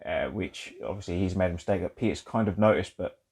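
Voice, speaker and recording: A young man co-hosting a casual film podcast, talking loosely and excitedly with lots of "like", swearing and laughing. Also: deep voice, fast talker, husky. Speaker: podcast co-host.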